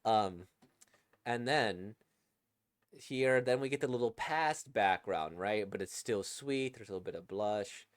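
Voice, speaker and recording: A man's voice: on the low side, lively intonation, a little slow, no echo, clean studio sound. A man giving casual, chatty commentary while reading a manga, enthusiastic and full of fillers. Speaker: manga reaction creator.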